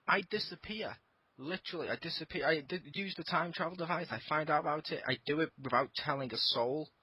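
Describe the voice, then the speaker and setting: A man co-hosting a gaming podcast, with a bright, forceful tone. He tells animated stories and swears freely. A faint hiss sits behind his voice. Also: a little high, fairly quick, poor audio. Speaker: podcast co-host. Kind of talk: casual group chat.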